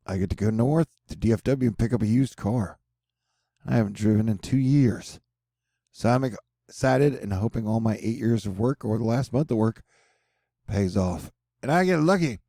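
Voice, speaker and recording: A man's voice: mid-range voice, warm tone, dry recording, clean studio sound. A man hosting a casual weather forecast over a map, rambling and joking with slang asides. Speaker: weather channel host.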